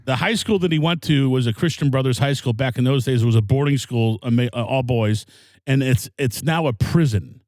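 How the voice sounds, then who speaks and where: A man telling a long anecdote in a relaxed, self-deprecating way. He trips over his words and circles back often. His voice sits at an ordinary pitch, recorded dry and close. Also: brisk, no room sound. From Wisconsin. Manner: rambling, self-deprecating, with many fillers and restarts. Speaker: comedian guest. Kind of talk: casual storytelling.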